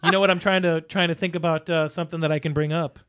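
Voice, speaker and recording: A man's voice: fairly high pitch, steady tone, fast, fairly bright tone, smooth, dry recording, studio quality. A middle-aged man co-hosting a podcast, talking in a rambling, casual way with lots of restarts and fillers. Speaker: podcast co-host.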